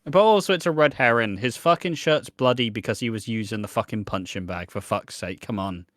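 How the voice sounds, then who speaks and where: A British man co-hosting a podcast, telling stories in a sweary, animated, casual way. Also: medium pitch, fairly quick, dry recording, studio quality. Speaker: podcast co-host. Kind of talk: casual chat.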